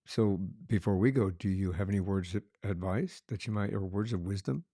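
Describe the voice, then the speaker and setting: A man's voice: sits low, brisk, warm tone, no room sound, studio quality. A man hosting an interview podcast, courteous and effusive with praise. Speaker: podcast host. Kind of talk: casual interview.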